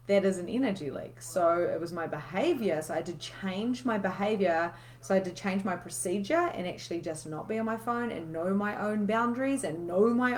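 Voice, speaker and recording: A woman, coaching in a casual, candid live session where she swears freely and reads out viewer comments. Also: medium pitch.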